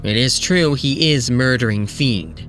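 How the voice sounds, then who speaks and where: A man voicing a soft-spoken sinister male assassin with a quiet, hushed delivery. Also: medium pitch, expressive, unhurried, soft background music. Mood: menacing.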